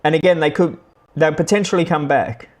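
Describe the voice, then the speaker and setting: A man, hosting a live stream and chatting casually with viewers in a rambling, halting way. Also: on the high side, fairly even intonation, darkish tone. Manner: rambling, halting, with many restarts. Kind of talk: casual chat answering viewers.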